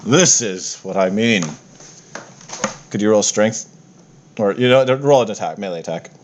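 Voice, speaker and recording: A man's voice: fairly low pitch, lively intonation, unhurried, a little hiss or hum. A man narrating a tabletop game as game master, playful and often correcting himself as he goes.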